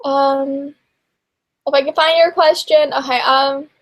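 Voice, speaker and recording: A woman's voice: high-pitched, fairly even intonation, slow. A young woman co-hosting a casual livestream chat, gushing and chatty with lots of fillers. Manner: gushing and chatty, many fillers, laughs often. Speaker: co-host of a book and TV chat livestream.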